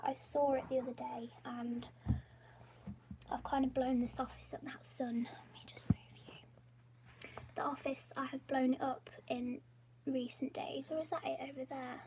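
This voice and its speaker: A woman's voice: high voice, fairly even intonation, a little slow, noisy background. A woman live-streaming from her home office, chatting in a rambling, self-deprecating way, often dropping to a half-whisper. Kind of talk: casual live-stream chat.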